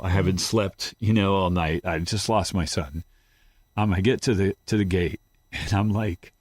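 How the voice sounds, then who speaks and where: A man with a very deep, low voice tells a painful story from his own life as an interview guest. He speaks haltingly and slips into quoting what he said at the time. The sound is close and dry, with no room around it. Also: darkish tone, no room sound. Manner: halting, retells his own words in quotes. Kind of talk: emotional personal storytelling.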